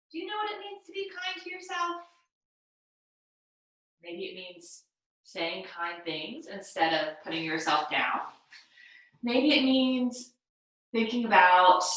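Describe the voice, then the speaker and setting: A woman's voice: a little high, sharp tone, distant mic. Upbeat young woman teaching kids, echoey room. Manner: upbeat, encouraging, sing-song prompts. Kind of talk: guiding a children's movement lesson. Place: room at home.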